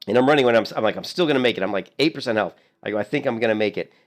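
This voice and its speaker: A man in his thirties, a streamer telling a rambling, animated story in casual gameplay commentary. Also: on the low side, racing, faint music behind.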